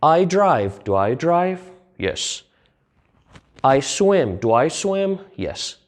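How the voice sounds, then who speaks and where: Man teaching a grammar lesson, slow and deliberate. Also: fairly high pitch, sing-song. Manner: slow, deliberate explanations with spoken example sentences. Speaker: English teacher.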